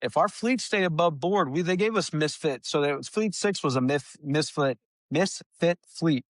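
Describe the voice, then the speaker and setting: A young man hosting a podcast, telling rambling, profane stories about his trucking job in a casual, animated way. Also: a little high, moderate pace, no echo, studio quality. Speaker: podcast host. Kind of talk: casual storytelling chat.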